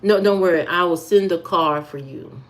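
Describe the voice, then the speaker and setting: A woman voicing a suave, posh male businessman who speaks in a smooth, assured, unhurried way. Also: on the low side, natural voice.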